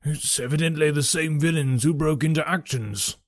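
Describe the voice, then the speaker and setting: A man voicing a bluff old retired colonel in an audiobook, brisk and matter-of-fact. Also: on the high side, no room sound, clean studio sound, natural voice. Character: bluff old retired army colonel, hearty country gent. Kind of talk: audiobook character reading.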